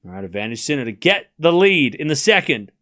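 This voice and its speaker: A man streaming a live tennis watchalong, his voice sitting a little high and swinging widely in pitch. He drifts between loose, rambling chat with viewers and quick shot-by-shot calls of the rally, getting louder when a point heats up. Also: sing-song. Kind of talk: live play-by-play watchalong commentary.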